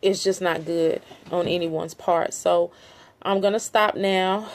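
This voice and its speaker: A woman's voice: fairly low pitch, steady tone, slow. A middle-aged woman making an impassioned, earnest appeal straight to her viewers, emphatic and repetitive with frequent fillers. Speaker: family member speaking out on a land dispute. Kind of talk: impassioned direct-to-camera appeal.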